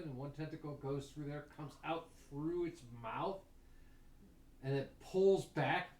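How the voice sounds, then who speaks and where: A man's voice: on the high side, a little mellow. A man running a tabletop game as game master, telling gory scenes with vivid detail and chuckles. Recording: echoey room.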